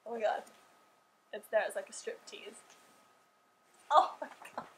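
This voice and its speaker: A woman YouTuber filming a casual vlog at home, excitable and gushing, who swears freely as she talks. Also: a little high, unhurried, slight background noise, poor audio. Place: at home indoors.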